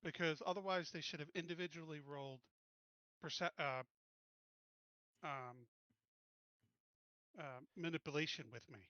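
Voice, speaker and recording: A man's voice: fairly high pitch, unhurried, pauses often, pushed and bright, no room sound, highs cut off. A man playing at a tabletop game, stammering as he argues over the rules. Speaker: player. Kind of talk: casual game table chat.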